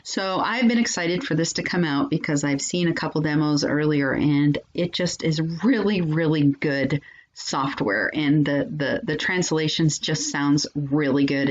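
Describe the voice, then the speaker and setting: A woman hosting a casual screen-recording software walkthrough, chatty with frequent ums and restarts. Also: sits low, lo-fi sound. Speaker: software reviewer and channel host.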